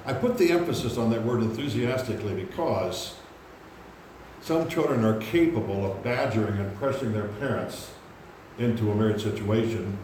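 A man preaching a sermon, animated, acting out quotes in loud high voices. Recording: very echoey room with faint background hum.

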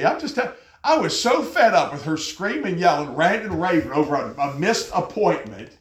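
A man preaching a sermon with an animated delivery, often jumping high in pitch as he acts out angry people. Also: moderate pace, hardly any pauses. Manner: animated, jumps to high pitch when mocking others. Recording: echoey room.

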